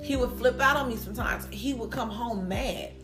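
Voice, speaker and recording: A blunt, emphatic woman speaks in a candid casual chat, quick to jump in with agreement. Her voice sits a bit high. Faint music plays behind her.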